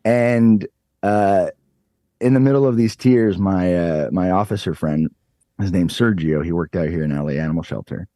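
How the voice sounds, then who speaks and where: A man in his thirties telling a story on a podcast, animated and swearing freely. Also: sits low, moderate pace, no echo. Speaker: podcast guest. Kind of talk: casual storytelling.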